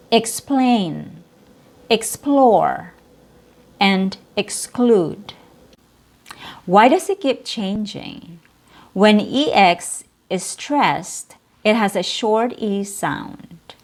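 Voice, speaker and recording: Very slow, careful woman teaching pronunciation. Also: medium pitch, expressive, gravelly. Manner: drawn-out model sounds and isolated syllables. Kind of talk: slow, clearly articulated pronunciation lesson.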